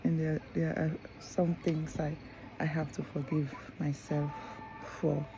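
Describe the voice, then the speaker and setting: A woman's voice: low-pitched, flat delivery, slow pace, background noise. A woman, a mother, talking casually to camera in a rambling way, with many restarts and asides. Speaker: mother and vlogger.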